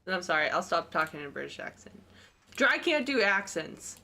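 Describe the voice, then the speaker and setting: A woman's voice: on the low side, big pitch swings, a little fast, gravelly, pushed and bright. Woman, casual gaming chat, giggly storyteller, typing in the background. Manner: chatty, giggly, tells stories. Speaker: gaming streamer co-host. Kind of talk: casual chat while playing a game.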